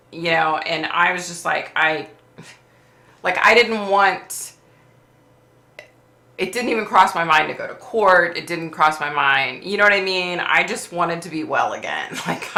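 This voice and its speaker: A woman's voice: on the low side, echoey room. A woman hosting a casual livestream, telling a story animatedly and acting out the lines of the people in it. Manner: animated storyteller acting out quoted exchanges, laughs often. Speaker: livestream host.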